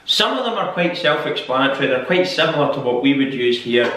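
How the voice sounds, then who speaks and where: A man's voice: mid-range voice, sing-song, a little fast, a bit bright, distant mic, slight background noise. A Scottish man talks casually to camera, musing aloud and circling back over the same words while he thinks. He swears offhandedly now and then. He sounds a little way from the mic in a very echoey room. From Scotland. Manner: rambling, repeats phrases while musing aloud. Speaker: YouTube host. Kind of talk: casual solo vlog.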